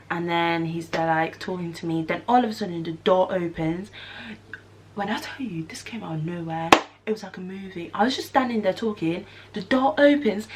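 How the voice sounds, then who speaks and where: Young woman, casual storytime vlog, lowish voice, animated, faint background noise. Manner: animated, acts out screams and quotes. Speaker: vlogger. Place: student flat room.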